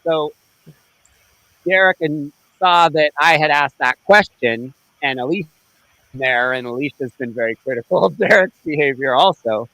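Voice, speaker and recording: A male podcast host with a fairly high voice, ranting bluntly and swearing freely in casual live-stream commentary. The sound is dry and close. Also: normal speed, sharp tone, dry recording, poor audio.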